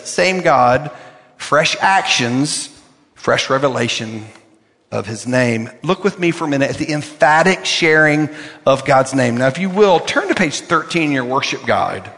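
A man's voice: medium pitch, expressive, a little slow, fairly bright tone, long reverb tail. An older man, a pastor, preaching a sermon with emphatic repetition of key words.

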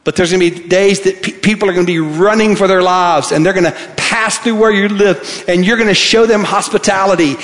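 A pastor preaching a sermon, reading scripture aloud and swinging from soft, quiet lines to emphatic ones. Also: male voice, high voice, steady tone, brisk, few pauses. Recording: long hall reverb.

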